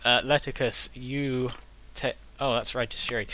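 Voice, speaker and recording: A man's voice: medium pitch, steady tone, normal speed, sharp tone. A man narrating as game master of a tabletop game, loose and hesitant with plenty of uh and casual swearing.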